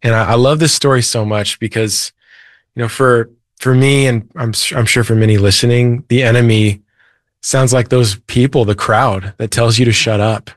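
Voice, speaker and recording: A man's voice: mid-range voice, steady tone, moderate pace, dry recording, studio quality. A man, a Christian author and preacher, earnestly retelling a Bible story as a guest in a faith interview. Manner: earnest, retells scripture with feeling.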